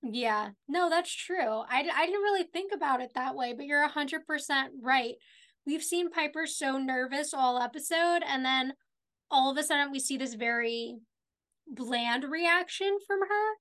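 A woman's voice: sits high, moderate pace, a bit bright. A woman co-hosting a podcast, casually retelling TV scenes step by step. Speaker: podcast co-host. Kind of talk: casual recap chat.

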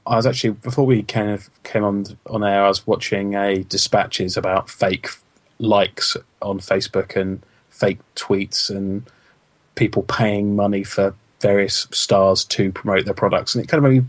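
A man's voice: fairly low pitch, fairly even intonation, normal speed. A man co-hosting a casual podcast, wry and dry in his remarks. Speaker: podcast co-host.

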